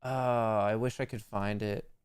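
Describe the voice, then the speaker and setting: A man's voice: lowish voice, fairly even intonation, measured pace, smooth, no echo, studio quality. A man hosting a live stock market stream, chatting in a joking, rambling, self-mocking way.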